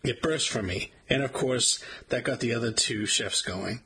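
A man reading a first-person memoir aloud in a wry, measured storytelling manner. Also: medium pitch, bright, forceful tone, slight background noise, low-quality recording. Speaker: audiobook narrator.

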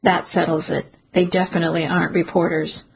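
A woman narrating a first-person suspense story in a steady, measured storytelling manner. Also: lowish voice, gravelly, husky, low-quality recording. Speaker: audiobook narrator.

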